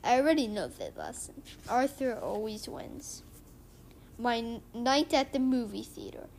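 Halting woman reading a comic aloud. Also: fairly high pitch, lively intonation, gravelly, darkish tone, a little hiss or hum. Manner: halting, with frequent restarts and fillers. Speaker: reader of a comic book. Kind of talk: casual book reading and retelling.

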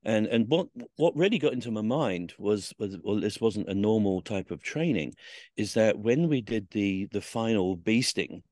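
A man's voice: fairly low pitch, lively intonation, normal speed, darkish tone, no echo, studio quality. A man, a podcast guest, recalls his past in a rambling, swearing storytelling style, full of fillers and restarts. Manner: swears freely, acts out quoted voices. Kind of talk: telling stories from his past in an interview.

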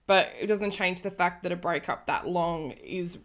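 A woman's voice: on the low side, moderate pace. A woman in her early thirties chatting casually on a podcast, telling a rambling story full of restarts. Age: early 30s. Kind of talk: casual chat.

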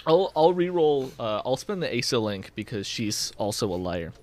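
A man's voice: mid-range voice, sing-song, normal speed. A man playing in a tabletop game, chatting casually with a dry, joking manner. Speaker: player.

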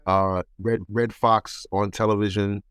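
Lively New man telling stories. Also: on the low side, a little slow, clear, resonant tone, no room sound, studio quality. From New York. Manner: animated, mimics voices in anecdotes. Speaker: guest entertainer. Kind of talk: casual interview storytelling.

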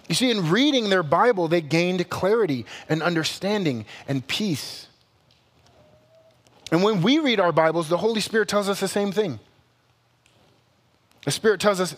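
A male pastor preaching a sermon in a conversational, animated way, with playful asides and quick self-corrections. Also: on the high side. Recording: long hall reverb.

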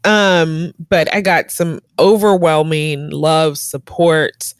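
Low-voiced woman chatting over a video call. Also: fairly even intonation, slow, clear, resonant tone, no room sound, clean studio sound. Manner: rambling, filler-heavy, laughs often. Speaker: guest in a conversation. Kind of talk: casual chat.

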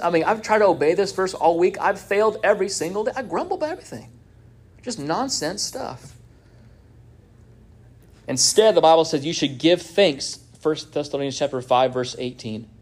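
A man's voice: a little high, darkish tone. A man with a Midwestern American accent preaching a sermon as pastor, conversational, often checking in with "right?".

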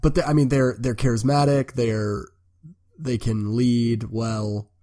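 Lively man co-hosting a podcast. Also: mid-range voice, measured pace. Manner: animated, breaks into playful bits. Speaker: podcast co-host. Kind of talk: casual worldbuilding chat.

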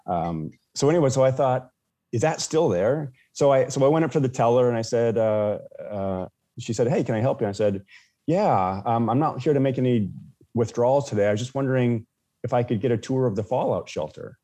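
A man's voice: medium pitch, expressive, a little fast, warm tone. A man casually telling a personal story as a podcast guest, with many restarts and fillers.

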